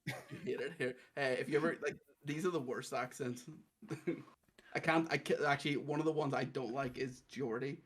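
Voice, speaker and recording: A man's voice: mid-range voice, steady tone, normal speed, fairly bright tone, slightly rough. A young man co-hosting a podcast, chatting casually, joking and swearing freely. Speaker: podcast co-host. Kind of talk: casual chat.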